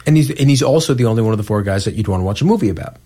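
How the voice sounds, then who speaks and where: Casual male co-host, conversational, halting delivery full of restarts. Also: lowish voice, animated, mellow, slightly rough. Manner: halting, restarts and stammers when building a point. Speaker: podcast co-host. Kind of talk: casual movie review chat.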